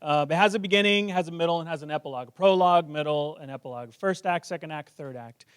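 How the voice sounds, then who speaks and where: A man's voice: fairly high pitch, fast, clear, resonant tone, no echo, studio quality. A male pastor preaching a sermon in a joking, self-deprecating, conversational way.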